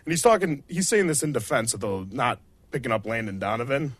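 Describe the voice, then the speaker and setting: A man's voice: mid-range voice, very animated, brisk, dry recording. A man co-hosting sports radio, delivering an indignant, emphatic rant. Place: radio studio.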